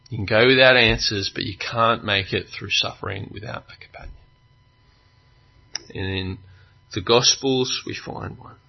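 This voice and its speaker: A man preaching a sermon, earnest, with long pauses, building to fervent emphasis. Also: lowish voice, vocal fry, slightly rough, lo-fi sound.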